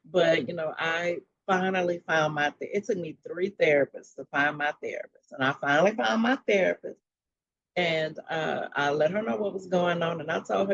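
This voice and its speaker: A lower-pitched woman tells her own story with lively energy, jumping into the voices of the people she quotes. She talks casually and bluntly, with plenty of slang. The recording is dry and a little dull. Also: moderate pace, husky, no room sound. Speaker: mental health coach and guest. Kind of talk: animated personal storytelling.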